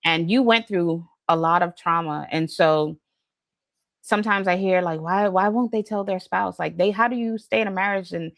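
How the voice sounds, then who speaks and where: A woman's voice: on the low side, normal speed, creaky, no echo. A woman hosting a podcast, asking questions and reflecting earnestly, with many fillers. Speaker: podcast host. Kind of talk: conversational interview.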